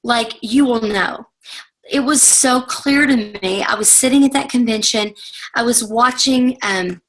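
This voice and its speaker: A woman's voice: on the high side, a little slow, vocal fry, pushed and bright, poor audio. A woman in her forties telling her personal story to an audience as a motivational speaker, earnest and heartfelt and speaking straight to her listeners. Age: 40s.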